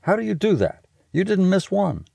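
A man's voice: high voice, very animated, moderate pace, vocal fry, warm tone, no room sound, voice pushed up, heavily acted. A man voicing a squeamish young boy who is nervous and fussy.

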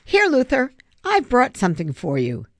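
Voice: mid-range voice, very animated, moderate pace, gravelly, no echo. A reader voicing a passionate, earnest schoolgirl who loves animals, insistent in tone. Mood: coaxing. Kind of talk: audiobook character reading.

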